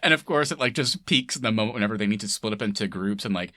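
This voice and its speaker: A young man co-hosting a podcast, chatting casually about movies, laughing often and mimicking characters in a high voice. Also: expressive, fast, sharp tone, no room sound, studio quality. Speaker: podcast co-host. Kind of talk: casual movie review chat.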